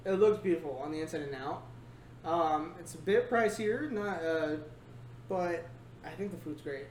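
A man's voice: on the high side, moderate pace, a little mellow. A man hosting a casual podcast chat, joking and laughing often as he rambles. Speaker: podcast host. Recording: echoey room, faint noise.

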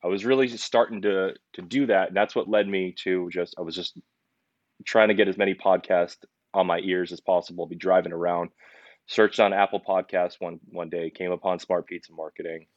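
A young man with a deep, low voice tells his story as a podcast guest. He sounds earnest and animated, stumbling and restarting as he goes. The recording is dry, a little dull and lo-fi. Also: brisk, no echo. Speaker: podcast guest, pizzeria owner. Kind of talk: casual storytelling interview.

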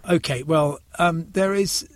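A man in his sixties from England, chatting hesitantly with many ums and restarts and slowly reading poems aloud. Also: fairly high pitch, dry recording. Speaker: poetry reader in a conversation. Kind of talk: casual chat with poetry readings.

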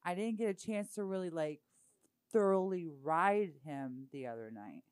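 A woman's voice: lowish voice, animated, moderate pace, a little mellow, clear, resonant tone, no room sound, studio quality. A woman chatting loosely with friends on a livestream, giggly and blunt, swearing freely. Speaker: livestream co-host. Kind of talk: casual chat among friends.

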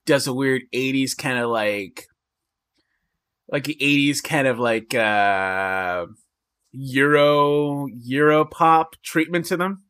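A man's voice: mid-range voice, slow, a bit bright, clear, resonant tone, no echo. A man talking as a podcast guest in casual chat, rambling with many fillers and restarts.

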